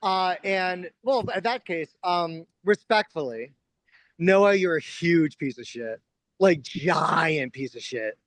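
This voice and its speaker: A man's voice: a little high, animated, slow pace, fairly bright tone, no room sound. Blunt, foul-mouthed man on a dry mic. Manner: blunt, crude and profane. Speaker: contestant in an online competition game. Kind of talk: casual banter on a group call.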